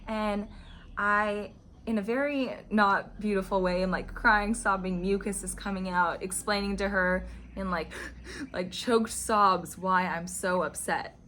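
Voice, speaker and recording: A woman's voice: mid-range voice, fairly even intonation, a little slow, bright, forceful tone, a little hiss or hum. A woman vlogger discussing spiritual teachings, telling a personal story in a casual, chatty way, full of "like" fillers. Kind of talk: casual reflective monologue.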